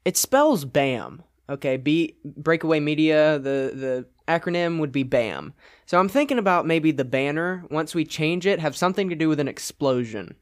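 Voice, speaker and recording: A young man with a slightly higher-than-usual voice, co-hosting a casual podcast. He rambles with plenty of "like"s and often breaks into laughter. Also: moderate pace. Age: young adult. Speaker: podcast co-host. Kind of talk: casual chat.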